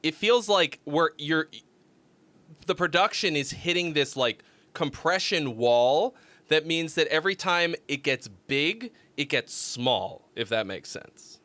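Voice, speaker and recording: Congested man with a bright, sick-sounding voice. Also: a little high, lively intonation, slow pace, no echo. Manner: loose, profane, rambling with fillers. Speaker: streamer critiquing listener songs. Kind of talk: casual livestream mix critique.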